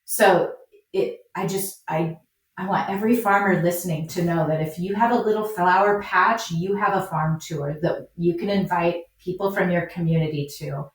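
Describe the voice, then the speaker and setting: A woman's voice: lowish voice, fairly even intonation, normal speed. A woman, a flower farmer and business coach, guest on a podcast, talking in an upbeat and encouraging way. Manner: upbeat, encouraging, acts out quoted voices. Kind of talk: podcast interview conversation. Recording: echoey, distant remote audio.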